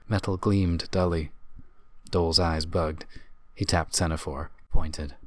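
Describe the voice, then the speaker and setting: Very deep male narrator for a fantasy audiobook: measured and descriptive, dry close mic. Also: dry recording.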